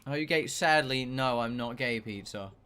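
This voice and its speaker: A man's voice: mid-range voice, moderate pace, bright, forceful tone. Ranting young man streaming games. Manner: ranting, exasperated, swears a lot. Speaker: game streamer. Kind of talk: casual chat while gaming.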